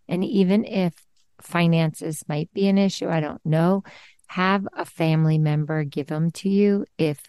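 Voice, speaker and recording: Low, mellow-voiced woman host. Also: steady tone, unhurried, smooth, dry recording, studio quality. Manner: earnest, encouraging, gently advising. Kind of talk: supportive conversation over video call. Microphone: video call.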